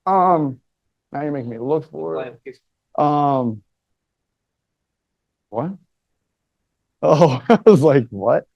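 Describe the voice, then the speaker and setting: A man's voice: fairly high pitch, animated, slow pace, vocal fry, pauses often, a little mellow, dry recording, muffled recording. A man telling a casual, joking story to a live audience, chatty and profane, and talking back to the room.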